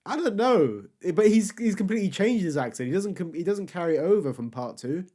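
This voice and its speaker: A man's voice: high-pitched, animated, quick pace, mellow. A man co-hosting a casual podcast chat, rambling with many fillers and restarts, and laughing often. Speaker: podcast co-host.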